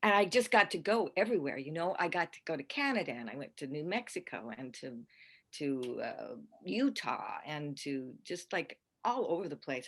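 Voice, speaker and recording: An older actress, a guest on a podcast, chatting casually and rambling warmly through her stories with restarts and easy laughter. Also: low-pitched, very animated, moderate pace. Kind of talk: casual podcast interview chat.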